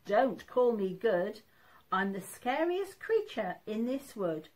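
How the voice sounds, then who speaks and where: A woman's voice: medium pitch, big pitch swings, slow, darkish tone. Clever little storybook mouse, read by a woman. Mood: boastful. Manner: cheeky and boastful. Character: small clever boastful male mouse.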